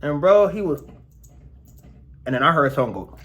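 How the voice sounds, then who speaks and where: A young man vlogging casually to his viewers about his dental work, slangy and animated, his mouth still sore. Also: on the high side, moderate pace, long pauses, muffled recording. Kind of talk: casual storytelling vlog.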